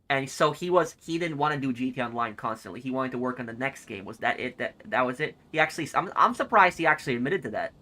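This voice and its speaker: A man's voice: medium pitch, pushed and bright. Chatty male game streamer. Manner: rambling, friendly, with frequent restarts. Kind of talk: casual livestream chat reading comments.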